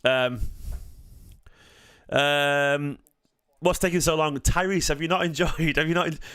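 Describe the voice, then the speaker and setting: A man's voice: fairly high pitch, steady tone, unhurried, fairly bright tone, clear, resonant tone, no room sound, clean studio sound. A man with a Mancunian accent hosting a fan channel live stream, rambling, joking and swearing in casual chat. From Manchester, England.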